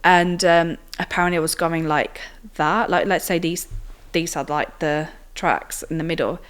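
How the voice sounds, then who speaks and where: A woman's voice: low voice, steady tone, moderate pace, clear, resonant tone. A young woman, telling her own story as an interview guest in a chatty way full of fillers and tag questions. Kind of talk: casual personal storytelling.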